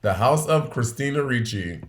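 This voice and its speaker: A man's voice: medium pitch, lively intonation, moderate pace. A man co-hosting a podcast in casual chat, blunt and profane, laughing often. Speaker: podcast co-host.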